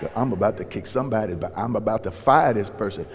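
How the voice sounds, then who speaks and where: A man's voice: fairly low pitch, fast talker, gravelly, noisy background. A man, a pastor, preaching in a folksy storytelling way and acting out dialogue in raised voices. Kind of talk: sermon storytelling. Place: church sanctuary. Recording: long reverb in a large hall.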